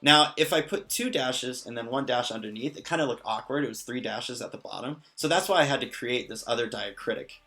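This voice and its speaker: A man's voice: medium pitch, fairly quick, hardly any pauses, pushed and bright, faint music behind. A man explaining pronunciation in a casual lesson, patient and lightly joking. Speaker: language teacher.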